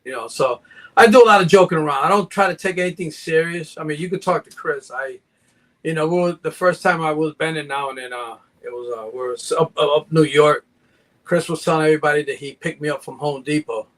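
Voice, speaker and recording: A man's voice: a little high, a little fast, a bit bright. An older man from Mexico, a guest breeder, telling joking stories in casual live chat and acting out his sales banter.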